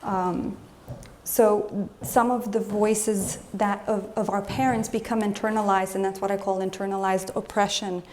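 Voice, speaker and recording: A woman's voice: medium pitch, darkish tone. A woman in a mid-range voice gives a live lecture as an emotional health coach. She keeps it conversational and turns to the room with questions. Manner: conversational, poses questions to the audience; acts out scolding voices in quotes.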